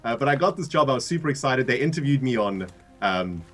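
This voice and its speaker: A South African man with a mid-range voice and a South African accent talks fast as co-host of a game livestream, telling a story in casual chat. He's an animated storyteller who laughs often and restarts his sentences, with slight background noise behind him.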